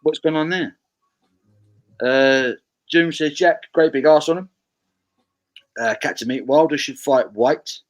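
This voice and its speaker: A man's voice: on the high side, measured pace, long pauses, poor audio. A man from England hosting a casual live stream, reading viewer comments aloud with frequent stammered restarts.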